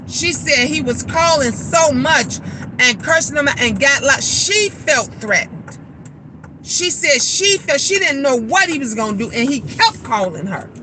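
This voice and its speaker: A woman's voice: sits high, background noise. A woman hosting a casual livestream chat, venting bluntly and profanely and reading out viewer comments. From Chicago. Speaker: livestream host.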